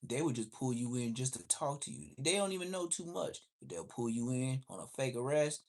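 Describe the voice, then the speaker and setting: Animated man telling street stories. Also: mid-range voice, vocal fry. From Los Angeles area, USA. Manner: profane, slangy, quick to act out quotes. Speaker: livestream host.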